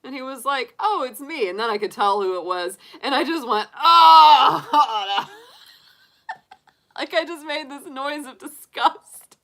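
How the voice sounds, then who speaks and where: A middle-aged woman with a high-pitched, sharp voice talks at a moderate pace while hosting a tarot livestream. She chats casually to live viewers, laughing often and full of likes and restarts.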